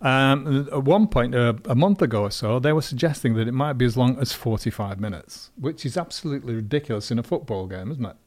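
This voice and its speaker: Man, radio co-host, casual chat, laughs a lot, middle pitch. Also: lively intonation, a little fast, few pauses. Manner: chatty, laughs often, hesitant fillers.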